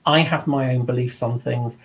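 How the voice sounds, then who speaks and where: A middle-aged man leads an informal spoken lesson on mediumship. His delivery is earnest and reflective, and his pitch sits in the middle range. He briefly takes on other voices when he quotes people. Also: steady tone, normal speed, rough recording. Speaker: mediumship teacher.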